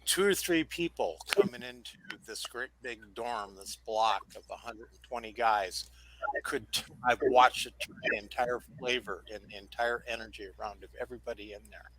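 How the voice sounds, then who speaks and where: A man's voice: mid-range voice, normal speed, pushed and bright, slight background noise, low-quality recording. A man sincerely sharing a personal lesson in a casual group discussion, talking in bursts.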